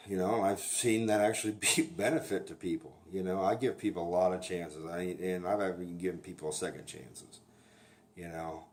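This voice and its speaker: Man, very deep voice, recovery sponsor, candid informal talk, halting phrasing, blunt. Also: darkish tone. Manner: halting, with frequent restarts and "you know" fillers; blunt and plainspoken. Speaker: recovery sponsor sharing his experience.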